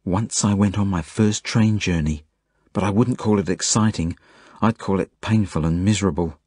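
Husky man reading a novel aloud. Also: low-pitched, normal speed, no echo, studio quality. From Australia. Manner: earnest first-person telling that rises to urgent shouts. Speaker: author reading his own book. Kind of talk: audiobook narration.

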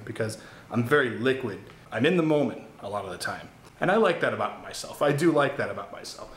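A man rambling candidly to camera in a gaming vlog, his voice at an ordinary middle pitch. He swears casually and wanders between thoughts. The room around him is bare and echoey. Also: slight background noise. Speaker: gaming YouTuber.

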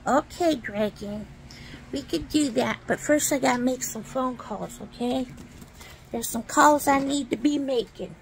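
Slow, high-voiced playful woman. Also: vocal fry, a little hiss or hum. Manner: sing-song, talks to toys. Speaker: video maker. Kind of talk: playful home video talk.

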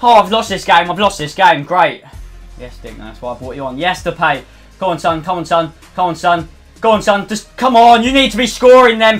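A young man commentating his own football video game match, swinging between low muttering and swearing, shouting outbursts. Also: expressive, a little fast, soft background music. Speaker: gaming YouTuber. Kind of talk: live gameplay commentary.

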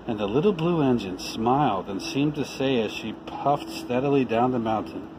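A man reading a children's picture book aloud, expressive and lively. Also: medium pitch, normal speed, few pauses, noisy background. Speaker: read-aloud reader.

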